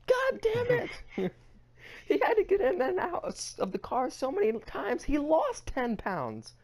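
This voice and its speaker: A man's voice: very high voice, huge pitch swings, unhurried. A man co-hosting a podcast, ranting theatrically with heavy swearing and mock crying. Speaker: podcast co-host. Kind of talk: casual comedic rant.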